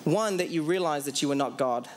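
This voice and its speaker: A man preaching a sermon to a congregation. He asks the audience questions, answers them himself, and slows down hard on the key phrases. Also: on the high side, a little hiss or hum.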